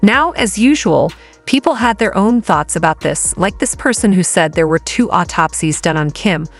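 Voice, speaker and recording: A woman with a slightly low voice narrates a scripted gossip piece. She reads in a dramatic style. Soft music plays beneath her. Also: lively intonation, normal speed. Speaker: channel narrator.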